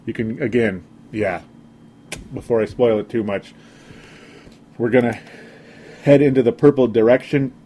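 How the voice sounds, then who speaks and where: Minnesota guy rambling on his sports podcast, kinda sarcastic, mellow dark voice. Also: medium pitch, steady tone, unhurried, long pauses, slight background noise. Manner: rambling, sarcastic, frequent fillers. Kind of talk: casual sports podcast monologue.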